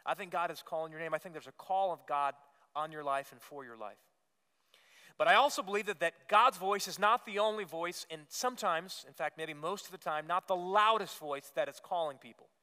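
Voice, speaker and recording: A pastor preaches a sermon in a church sanctuary, earnest and emphatic, repeating phrases and rising on key words. His voice is a little high, fairly quick, pushed and bright, with a clear, resonant tone, and the church hall gives it a long reverb.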